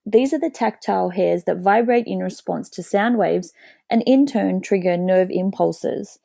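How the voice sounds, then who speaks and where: Woman, lesson narrator, some vocal fry, dry close recording, self-correcting delivery. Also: mid-range voice, a little slow, mellow, dry recording. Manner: reads steadily, correcting herself with "sorry". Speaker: biology teacher.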